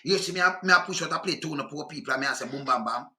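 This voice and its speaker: Ranting Jamaican man, high bright voice. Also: racing, echoey room. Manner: heated, profane, repetitive patois ranting. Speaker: commentator. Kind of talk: angry political rant.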